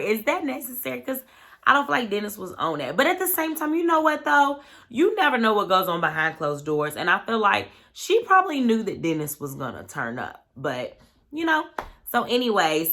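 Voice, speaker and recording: Here a woman speaks in a lowish register with a sharp edge, loosely recapping a reality show for her vlog. Her storytelling is relaxed and rambling, peppered with "like" and "you know what I'm saying."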